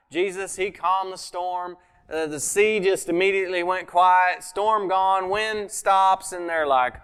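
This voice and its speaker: Smooth-voiced preacher man. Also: high-pitched, steady tone, a little slow. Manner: conversational preaching, acts out quoted speech with sudden loud and soft swings. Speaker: pastor. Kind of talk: sermon.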